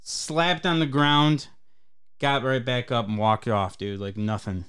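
A man from Michigan spins a long, swearing road story on a podcast, rambling and casual. His voice is smooth and resonant at an everyday middle pitch. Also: fairly even intonation, measured pace, fairly bright tone. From Michigan, USA. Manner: profane, rambling anecdote-telling. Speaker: podcast co-host.

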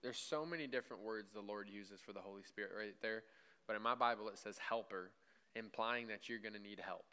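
Guy preaching at church, casual chatty sermon, acts out little back and forth scenes, bright crisp voice. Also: fairly low pitch, a little fast. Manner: conversational preaching with frequent "right?" asides; acts out imagined dialogue with God. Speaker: pastor.

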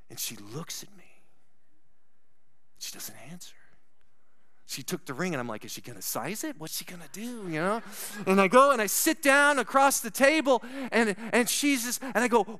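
A man preaching a sermon, telling a personal story with asides to the congregation and swinging from loud to hushed. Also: extremely high pitch, animated, normal speed, smooth, no echo. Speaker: pastor.

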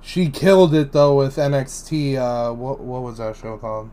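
A man's voice: mid-range voice, fairly even intonation, moderate pace, dark tone. A young man co-hosting a casual chat, laid-back and mostly chiming in with short agreeing remarks. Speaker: podcast co-host. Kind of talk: casual wrestling recap chat.

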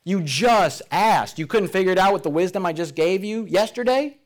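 A man's voice: sits high, animated, normal speed, pitched above the performer's own voice. A man voicing an impatient, irritated god who scolds someone for asking again, with sarcastic, incredulous complaining. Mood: exasperated. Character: exasperated impatient god scolding a repeat asker.

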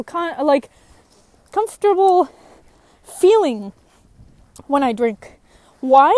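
A young woman with a high voice talks frankly about her own recovery. She is emotional and gets louder when frustrated. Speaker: person in recovery sharing her story. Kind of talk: personal testimony.

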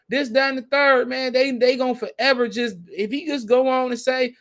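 A man's voice: extremely high pitch, fairly even intonation, brisk, hardly any pauses, a bit bright. A man hosting a podcast, ranting in a heated, profane, repetitive way. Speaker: podcast host. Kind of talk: casual podcast rant.

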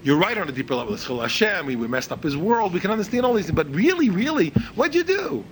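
Man, religious teacher, informal lecture, lively pitch swings, slightly high voice, faint background hiss. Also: fast talker, rough recording. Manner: animated, repeats words while searching for phrasing; acts out quoted speakers in a higher voice.

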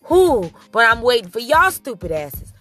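A young woman tells her viewers a story in a casual, emphatic way. Her voice sits a little low. Soft music plays faintly underneath. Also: brisk. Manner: emphatic and animated, talks straight to the audience. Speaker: vlogger telling her labor story.

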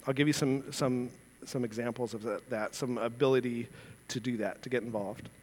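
A man's voice: medium pitch, fairly even intonation, moderate pace, darkish tone, big-room sound. A man preaching a sermon as pastor, earnest and conversational, asking his listeners rhetorical questions. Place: church sanctuary.

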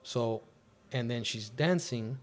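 A man in the middle of his range hosts a podcast, spinning a casual story about a night out. He acts out his own lines and other people's lines as he goes, with a lively, chatty delivery. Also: mid-range voice, takes it slowly. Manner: animated, acts out quotes of himself and others. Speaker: podcast host.

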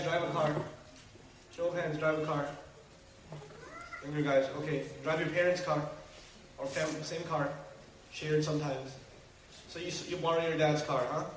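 A man preaching a sermon to a live audience, animated and full of rhetorical questions aimed at the listeners. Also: sits high, a little hiss or hum. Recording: very echoey hall, mic far off, faint ambience.

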